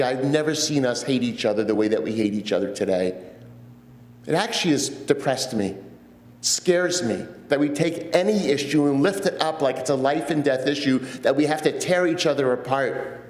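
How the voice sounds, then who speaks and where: Earnest rabbi preaching in an echoey church. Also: male voice, medium pitch, animated. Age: 50s. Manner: storytelling, earnest, with pauses. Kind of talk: sermon. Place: church sanctuary.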